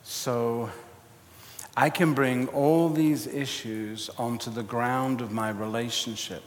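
A man preaching a sermon, telling a personal story with animated, self-mocking humor. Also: medium pitch, unhurried. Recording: long hall reverb.

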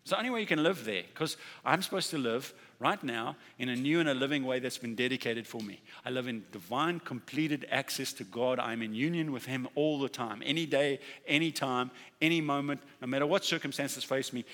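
Preacher in a reverberant hall. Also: male voice, mid-range voice, a bit bright. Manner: conversational preaching with acted-out dialogue and emphatic repetition. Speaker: pastor. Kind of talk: sermon.

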